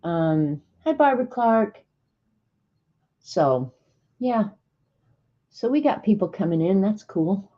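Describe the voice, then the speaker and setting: A woman's voice: medium pitch, sing-song, takes it slowly, pauses often. A woman hosting a casual art livestream, chatting, greeting viewers by name and reading snarky sayings aloud. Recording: dull lo-fi stream audio.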